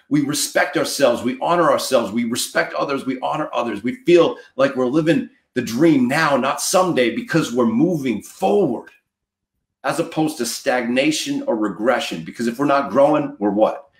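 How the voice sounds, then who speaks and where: A man's voice: mid-range voice, expressive, normal speed, echoey room. A man giving a motivational talk as a coach, emphatic and preachy, repeating lines for effect. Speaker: mortgage marketing coach.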